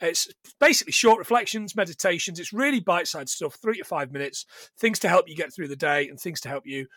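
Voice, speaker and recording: A man's voice: fairly high pitch, fast, pushed and bright, dry recording. A man co-hosting a podcast in a casual, rambling, joking chat. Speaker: podcast co-host.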